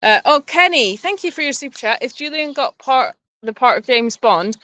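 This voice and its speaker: A woman's voice: high-pitched, lively intonation, moderate pace, sharp tone, no echo. A woman co-hosting a casual livestream, cheerful and chatty, reading out viewer messages and laughing easily. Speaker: sanctuary co-host.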